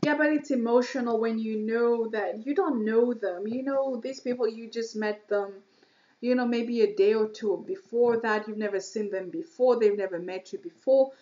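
A woman from Kenya commenting gently on a video, soft and sympathetic as she reassures the person in it. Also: fairly high pitch, normal speed, muffled recording. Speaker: vlog host reacting to a video. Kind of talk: casual reaction commentary.

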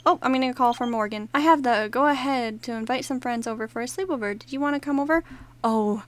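A young woman with a slightly high voice talks through her life-simulation game in a loose, chatty way. She reacts to every moment and jumps into her characters' lines with playful running commentary. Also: brisk. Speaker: gaming YouTuber. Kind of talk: casual let's-play commentary.

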